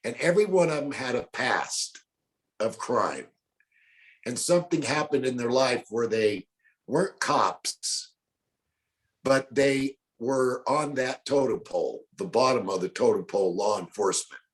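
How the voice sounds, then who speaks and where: A man in his sixties speaks in a mid-range, expressive voice with a drawl, at a measured pace. He's an interview guest telling folksy stories casually, acting out other people's lines as he goes.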